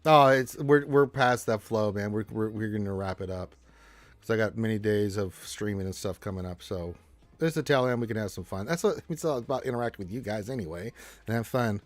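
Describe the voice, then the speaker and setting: A man's voice: lowish voice, a little fast, no room sound, faint music behind. A man hosting a casual gaming live stream, joking and rambling with lots of restarts into a close mic.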